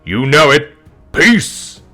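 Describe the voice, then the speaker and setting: A man voicing a brash gangster crocodile who talks with a Bronx accent and loud trash-talking swagger. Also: fairly high pitch, big pitch swings, slow pace, faint music behind, pitched above the performer's own voice, heavily acted. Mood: cheerful.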